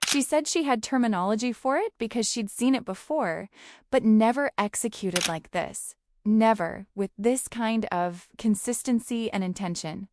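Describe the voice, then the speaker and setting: A woman's voice: fairly high pitch, normal speed. A woman giving scripted narration in short, emphatic, dramatic phrases. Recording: clear background noise.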